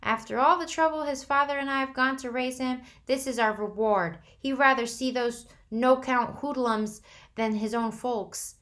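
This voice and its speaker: A cold, bitter middle-aged mother, read by a woman. She complains in a raised, sharp voice, self-pitying and full of blame. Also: high voice, steady tone, moderate pace, voice pushed up. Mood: indignant. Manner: indignant, accusing, self-pitying.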